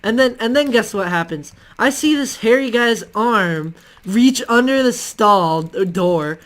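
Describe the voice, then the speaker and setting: A man's voice: high-pitched, expressive, unhurried, fairly bright tone. A male channel host telling casual stories to the camera in a rambling, hesitant way, full of ums and restarts.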